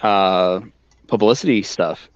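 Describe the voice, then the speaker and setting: A man's voice: low-pitched, slow pace, clear, resonant tone, no echo, dull audio. A man co-hosting a casual podcast chat, laid-back and full of filler words and casual swearing. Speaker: podcast co-host.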